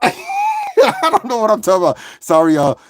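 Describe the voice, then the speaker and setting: A playful, animated man chatting casually with viewers on a live stream and greeting people in the chat. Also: extremely high pitch, moderate pace, slightly rough, no echo, clean studio sound.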